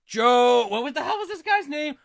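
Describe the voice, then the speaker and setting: A man co-hosting a casual livestream, talking in an animated, profane, joking way. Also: very high-pitched, normal speed, creaky. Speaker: podcast co-host.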